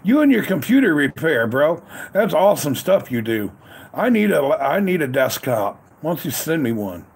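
A man's voice: a little high, sing-song, normal speed, slightly rough. A man hosting a casual live stream outdoors at a grill, greeting chat viewers by name over and over with upbeat, repeated catchphrases. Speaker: livestream host. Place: outdoors at a grill in cold weather.

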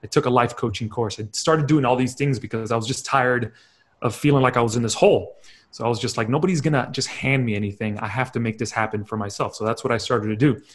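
A man's voice: mid-range voice, fast. Young male confidence coach, candid and reflective, mid-range voice, personal storytelling. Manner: candid, reflective storytelling with acted-out inner quotes.

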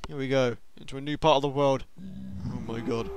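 A young man giving excitable let's-play commentary on a game, talking to himself and to the monsters. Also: mid-range voice, brisk, a little hiss or hum. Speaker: gaming video host.

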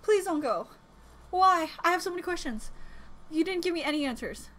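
A young woman reacting to a music video as an excited fan, gushing and exclaiming, thinking out loud with lots of "like"s. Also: very high voice, fairly quick. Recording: faint music behind the voice.

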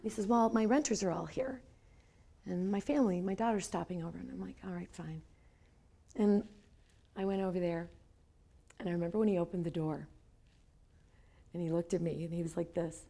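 A woman's voice: on the low side, fairly quick, vocal fry, long pauses, dark tone. A woman in her fifties telling a personal story at a lecture, animatedly acting out the quoted dialogue. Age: 50s. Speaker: lecture speaker. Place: lecture hall.

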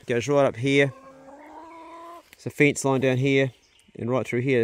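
Relaxed New Zealand man on a farm. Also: mid-range voice. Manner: relaxed, plain-spoken, chatty. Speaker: vlogger, farm owner. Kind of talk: casual narration on a farm walk. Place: rural farm outdoors.

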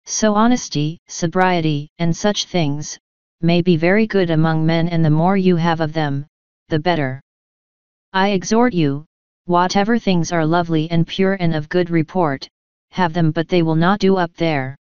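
A woman reading an old sermon aloud in a measured, declamatory manner. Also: fairly low pitch, darkish tone, clean tone, dry recording. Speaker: sermon reader. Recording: dry, slightly dull lo-fi recording.

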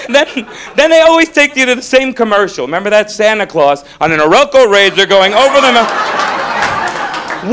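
Onstage in front of a live crowd, a Florida-born comic with a high, lively voice works through his stand-up set. His delivery is animated, punctuated by shouted impressions, while audience laughter fills the background.

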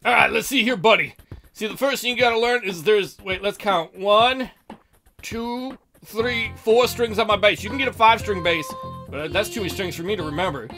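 A man's voice: sits high, normal speed, fairly bright tone, faint music behind. A man hosting a let's play, rambling and joking with constant profanity. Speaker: gaming video host.

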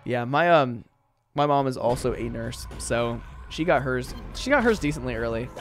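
A man's voice: medium pitch, lively intonation, moderate pace, slight background noise. A young man streaming a game, chatting casually with viewers and rambling with lots of fillers. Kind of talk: casual live-stream chat.

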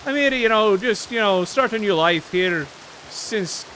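A man doing a chatty Irish immigrant with a put-on Irish accent, all folksy howdies. The voice sits high and bright, with a lively, bouncing pitch. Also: moderate pace, a little hiss or hum, low-quality recording. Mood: cheery. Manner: rambling, folksy greeting.

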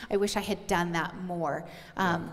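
A woman's voice: on the low side, fairly even intonation, moderate pace. A middle-aged woman sharing earnestly on stage in a church, speaking directly to mothers in a conversational sermon. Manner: earnest, heartfelt, addressing moms directly. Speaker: pastor's wife sharing on stage. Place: church auditorium. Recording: long church hall reverb.

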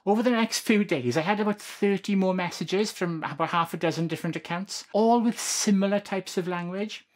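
A woman's voice: medium pitch, brisk. A woman vlogging to camera in a casual, sarcastic way, full of joking asides.

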